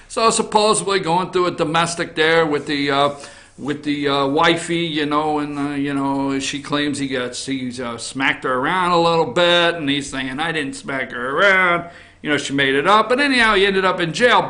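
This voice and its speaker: A man hosting an opinion show from an office, animated, jumping between loud outbursts and muttered asides. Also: fairly high pitch, a little slow. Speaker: host. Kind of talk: opinion commentary on news and politics.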